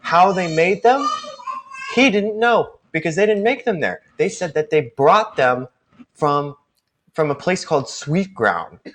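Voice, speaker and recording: A man's voice: a little high, expressive, unhurried, pitched above the performer's own voice. A man voicing a boastful male ship's chef who rambles and restarts his sentences. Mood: eager.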